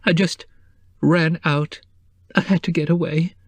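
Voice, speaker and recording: A man's voice: a little high, takes it slowly, creaky, dry recording, voice pushed up, exaggerated voice. A man voicing a distraught, tearful middle-aged woman who sobs and wails between her words. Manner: sobbing, wailing.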